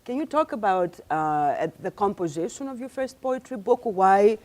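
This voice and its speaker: A woman interviewing an author, asking measured, scholarly questions. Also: mid-range voice, expressive, a little mellow, a little hiss or hum.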